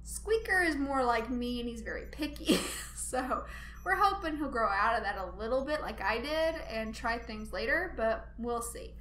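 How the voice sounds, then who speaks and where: A woman host telling a funny family story in a chatty, animated way, laughing often. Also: on the high side, moderate pace, echoey room, slight background noise. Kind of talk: casual storytelling monologue.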